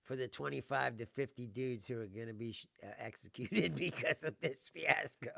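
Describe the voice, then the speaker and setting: A man's voice: mid-range voice, moderate pace, gravelly, sharp tone, no room sound, clean studio sound. A man hosting his own livestream as a comedian, chatting loosely and laughing often between stories. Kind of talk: casual livestream chat.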